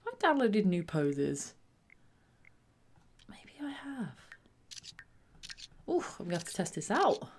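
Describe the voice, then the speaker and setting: A woman hosting let's play commentary, bubbly and excitable, sometimes dropping into soft whispers. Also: medium pitch, takes it slowly, pauses often, a little hiss or hum. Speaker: gaming channel host.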